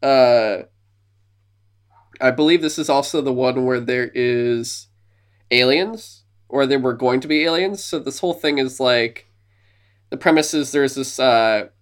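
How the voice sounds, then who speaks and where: A man's voice: medium pitch, unhurried, clean tone. A man co-hosting a casual podcast, eagerly retelling movie scenes and now and then dropping into silly voices. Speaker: podcast co-host.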